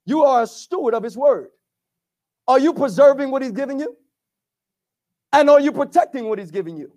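Very high-pitched preacher guy, calls out to the church, gets loud. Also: expressive, normal speed. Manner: call-and-response preaching, rising to shouts. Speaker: pastor. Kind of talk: sermon.

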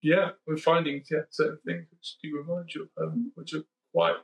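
A man hosts a casual podcast chat with a slightly raised pitch and a gravelly, fry-edged voice. He rambles and corrects himself as he goes, with plenty of ums. The room is echoey. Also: little pitch movement, normal speed, a bit bright. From United Kingdom. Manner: chatty, rambling, with frequent ums and self-corrections. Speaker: podcast host.

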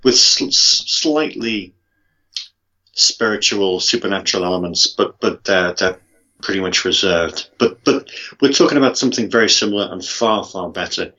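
A man's voice: low voice, normal speed, pushed and bright. A man co-hosting a casual film review podcast, with a dry, wry sense of humor. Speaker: podcast co-host. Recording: dull, lo-fi mic.

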